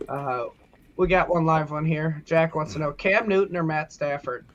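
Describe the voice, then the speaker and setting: A man co-hosts a casual sports podcast. He cracks jokes and laughs often, with a voice pitched a touch above the usual male range. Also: moderate pace, muffled recording, slight background noise. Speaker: podcast co-host.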